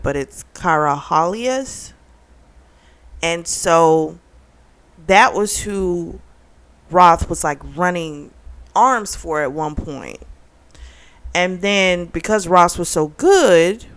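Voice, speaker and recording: Smooth-voiced woman chatting through a book. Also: fairly low pitch. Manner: chatty and animated, heavy use of "like", laughs often. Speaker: book reviewer. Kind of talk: casual plot recap.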